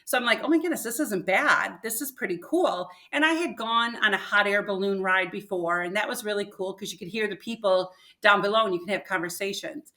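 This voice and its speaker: An older woman, a podcast guest, telling a personal story in an animated way and acting out what people said. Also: mid-range voice, fairly quick, few pauses.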